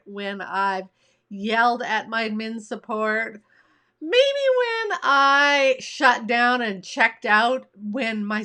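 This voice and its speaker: A woman leadership development coach giving a motivational coaching talk, speaking straight to the listener in a conversational, expressive way and telling stories with energy. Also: a little high. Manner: conversational, warm direct address to listener.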